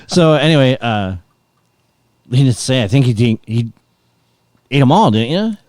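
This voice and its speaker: Middle-aged male guest, casual storyteller, lowish, very expressive delivery, dry close sound. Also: unhurried, no room sound. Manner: animated rambling storyteller, laughs often. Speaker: guest musician.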